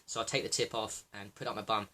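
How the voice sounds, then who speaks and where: A man hosting a livestream, rambling excitably, swearing freely and talking to viewers by name. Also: lowish voice, fast talker. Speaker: livestream host.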